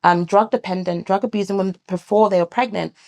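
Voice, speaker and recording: A British midwife speaks in a relaxed interview, her mid-range voice carrying a gravelly edge. She tells her story with animation, slipping into other people's voices when she quotes them. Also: mid-range voice, fast. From England. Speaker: midwife and founder of a sonogram service. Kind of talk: conversational interview.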